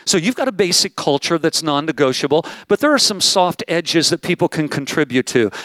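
A man giving a pastor's conference talk in a slightly high voice, recorded dry and close. He speaks with emphasis and repeats his main points. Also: a bit bright, dry recording. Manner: emphatic, repeats key phrases. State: out of breath. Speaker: pastor leading a conference session. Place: large room with audience.

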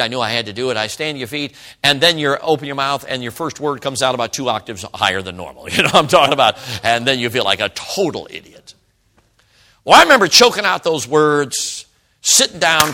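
A middle-aged man preaching a sermon, telling stories and speaking straight to the congregation. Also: mid-range voice. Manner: animated storytelling, addresses the congregation directly.

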